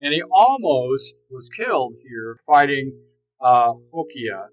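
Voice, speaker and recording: A man telling local history in a relaxed, plain-spoken way, outdoors. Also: mid-range voice, takes it slowly, dull audio. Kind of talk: casual storytelling.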